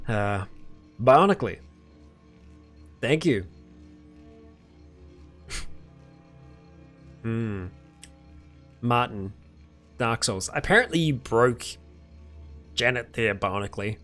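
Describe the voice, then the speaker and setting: A British man hosting a casual live-stream Q&A, chuckling often as he answers chat questions in a relaxed, rambling way. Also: mid-range voice, slow, pauses often, faint music behind.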